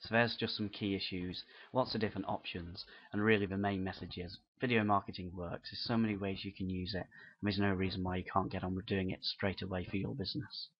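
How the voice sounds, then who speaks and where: A man's voice: sits low, level tone, brisk, lo-fi sound, a little hiss or hum. A man from the United Kingdom presenting an unscripted business marketing lesson in an earnest, encouraging, conversational way. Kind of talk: unscripted instructional talk.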